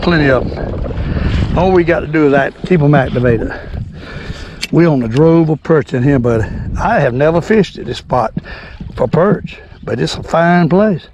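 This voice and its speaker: An older man hosting a fishing vlog from a boat, folksy and excitable, repeating his exclamations. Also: fairly high pitch, normal speed, muffled recording, a little hiss or hum. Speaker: fishing channel host. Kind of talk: casual fishing vlog narration. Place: on a boat on a lake.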